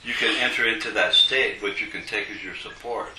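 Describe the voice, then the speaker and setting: A man leading a study group, reading a text aloud slowly and explaining it with frequent restarts. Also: lowish voice, fairly even intonation, sharp tone. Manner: slow, deliberate, with many restarts. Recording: echoey room picked up from a distance, faint noise.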